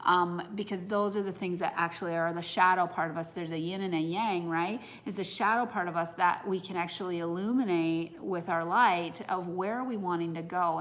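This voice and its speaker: A woman's voice: fairly low pitch, a bit bright. A woman in her thirties giving a casual, reflective talk to an audience on personal growth, earnest and heartfelt as she muses aloud.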